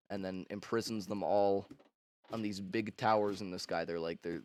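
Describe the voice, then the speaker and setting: A man with a somewhat low voice retells a story in a loose, comedic way. His talk rambles and is full of slang, swearing, fillers and false starts. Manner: rambling, slangy and profane, with frequent fillers and restarts. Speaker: book summarizer. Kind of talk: casual comedic story recap.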